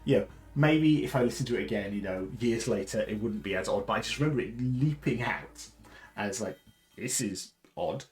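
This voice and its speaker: A man from the south of England with a deep baritone voice, chatting casually and rambling with many fillers and restarts. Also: animated, a little fast, rough recording. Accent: Southern English. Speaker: host. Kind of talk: casual live chat.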